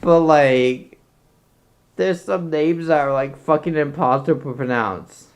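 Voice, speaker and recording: A man giving casual reaction commentary as a content creator, rambling, excitable and swearing a lot. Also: a little high, a little slow.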